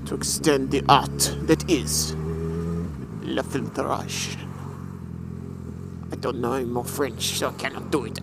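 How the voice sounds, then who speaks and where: A man gives casual running commentary while vlogging a motorbike ride, chatting and joking with himself and viewers via a helmet mic. His mid-range voice has vocal fry. Loud wind and road noise fill the recording as he rides, then later walks through a scrap yard.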